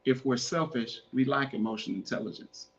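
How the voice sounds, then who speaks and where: A man's voice: mid-range voice, a little fast, lo-fi sound. A man hosting a podcast, giving earnest, repetitive relationship advice in a casual, preachy way and calling his listeners "man". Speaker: podcast host.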